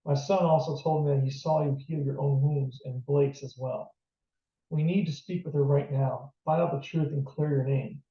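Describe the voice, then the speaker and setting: Guy doing a calm firm police captain, distant lo-fi sound. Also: on the high side, normal speed, natural voice. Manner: calm and authoritative. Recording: distant, roomy, dull lo-fi.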